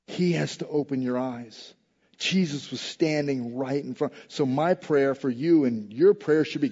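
A male pastor preaching a sermon, telling the story in a lively, humorous way and acting out the people in it. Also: medium pitch, a little slow, husky. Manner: animated storytelling, acting out quoted lines with humor. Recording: echoey hall, dull lo-fi sound.

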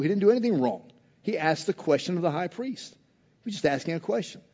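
High-voiced preacher, dull lo-fi sound. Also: male voice, darkish tone, in a large hall. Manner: emphatic, conversational preaching with acted-out quotes. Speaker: pastor. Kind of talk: sermon.

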